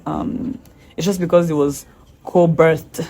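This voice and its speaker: A woman's voice: low voice, fairly even intonation, takes it slowly. A woman guest in a casual conversation, telling stories animatedly and quoting herself in dialogue.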